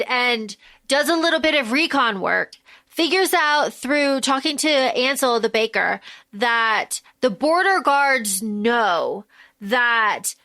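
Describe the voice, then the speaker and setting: A woman co-hosting a casual book-discussion podcast, recapping the plot in an animated, loose way with casual swearing. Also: a little high. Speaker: podcast co-host.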